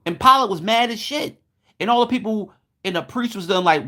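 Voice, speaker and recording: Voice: mid-range voice, animated, quick pace, bright, forceful tone. A vlogger delivering a heated, profane monologue, swearing constantly and acting out what people said.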